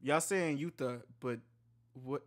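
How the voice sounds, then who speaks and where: A young man reacting to online clips, talking casually with lots of cursing, swinging between loud rants and low mumbles. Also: takes it slowly. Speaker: reaction video host.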